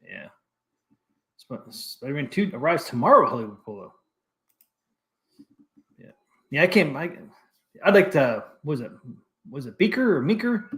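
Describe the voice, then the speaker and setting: A man's voice: on the high side, very animated, measured pace, pauses often, fairly bright tone. A man hosting a casual live stream, laid-back as he reads viewer messages aloud and chats. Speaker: host of a live stream show.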